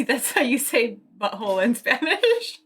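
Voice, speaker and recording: A woman's voice: a little high, very animated, unhurried, fairly bright tone, slightly rough. A woman streamer in casual chat, telling a story with frequent laughter. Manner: giggly, storytelling.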